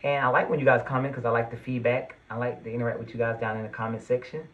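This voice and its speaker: A man's voice: mid-range voice, flat delivery, fast talker, few pauses, dull audio. Earnest, emphatic man reading tarot. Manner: earnest, reassuring, gets worked up and emphatic. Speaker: tarot reader.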